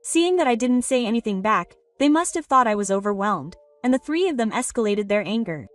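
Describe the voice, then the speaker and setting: Higher-pitched woman reading a story. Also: animated, brisk. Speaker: narrator. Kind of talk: scripted story narration. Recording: distant voice over soft background music.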